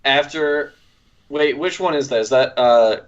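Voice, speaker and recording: Man, player at a tabletop game, very slow and deliberate, mid pitch, slightly dull audio. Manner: slow, deliberate, asks rules questions. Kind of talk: casual tabletop play.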